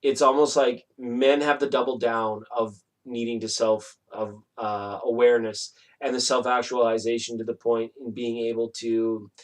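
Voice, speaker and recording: A man talks through a tarot reading in an easy, casual way. His voice sits at an ordinary middle pitch. He wanders and reflects as he goes and often softens things with gentle apologies. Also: little pitch movement, moderate pace, hardly any pauses. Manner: meandering and reflective, softly apologetic. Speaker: tarot reader.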